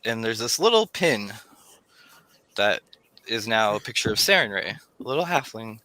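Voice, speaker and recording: A man's voice: lowish voice, very animated, moderate pace, pushed and bright, dry recording, poor audio. Man narrating as game master. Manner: describes scenes at length, voices deities in quotes.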